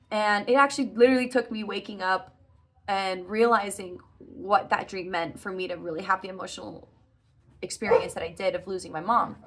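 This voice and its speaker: A woman speaking at a middle pitch in a relaxed, unscripted monologue. She talks earnestly and rambles a little, breaking off and restarting as she works through a long story. Fillers like "uh" and "like" keep it loose and conversational. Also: slight background noise. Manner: earnest, rambling, self-correcting with frequent "like" and "uh". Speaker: vlogger recounting a dream.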